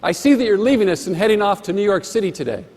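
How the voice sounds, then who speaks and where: A man's voice: high-pitched, lively intonation, quick pace, darkish tone. A man voicing a cheerful, polite female hotel maid on a wake-up call, in a hall with long reverb. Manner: sunny, polite, attentive.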